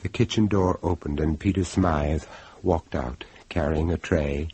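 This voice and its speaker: A husky theatrical horror narrator. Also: male voice, very deep voice, a little slow, dark tone, no room sound, heavily acted. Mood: ominous. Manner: theatrical, menacing storytelling. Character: suave middle-aged male narrator-hero. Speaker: host and narrator. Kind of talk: 1970s radio drama narration.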